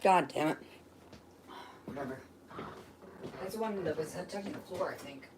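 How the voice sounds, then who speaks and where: A woman's voice: low-pitched, moderate pace, background noise. A woman on a rambling livestream from her home, ranting and swearing in an agitated way. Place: home, indoors.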